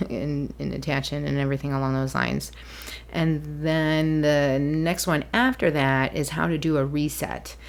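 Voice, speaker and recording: Woman, low voice, solo podcast host, rambling and chatty, laughs easily. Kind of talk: casual solo podcast monologue.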